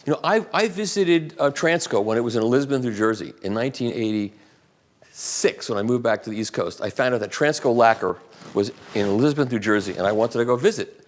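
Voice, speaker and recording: Fielding audience questions at a live audiophile event, a man rambles chattily, restarting sentences and drifting into asides. He speaks briskly in an animated, medium-pitched voice.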